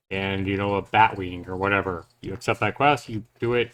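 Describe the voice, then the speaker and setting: Guy reacting to a game trailer, lowish voice, rambly and chill. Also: steady tone, fast, hardly any pauses, fairly bright tone. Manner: loose, rambling, thinking aloud with fillers and asides. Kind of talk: casual live reaction commentary.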